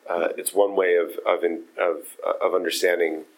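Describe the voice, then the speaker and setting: Low-voiced man leading a halting study talk. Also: little pitch movement, low-quality recording. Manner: halting, many fillers and restarts. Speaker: study group leader. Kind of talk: casual text study discussion.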